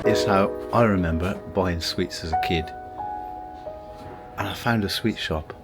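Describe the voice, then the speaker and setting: A man's voice: deep voice, a little slow. A man casually narrating a travel vlog with dry, understated humour while tasting food at a busy outdoor market. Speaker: travel vlogger. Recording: loud crowd and music behind.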